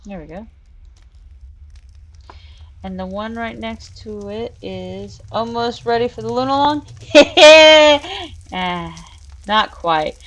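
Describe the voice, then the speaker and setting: A woman with a somewhat high voice hosts a casual live stream, talking unhurriedly as she builds in a virtual world. She chats, giggles often, and coos at her cats between tasks. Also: slow pace, pauses often, fairly bright tone. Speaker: streamer and show host.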